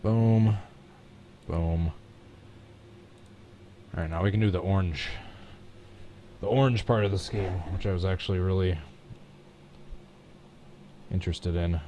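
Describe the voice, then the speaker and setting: Speaking at a normal speed with long pauses, a man whose voice is low, darkish and fairly even in intonation narrates his own work on a live stream. Slight background noise accompanies his casual, self-deprecating, step-by-step thinking aloud as he paints a race truck on his computer.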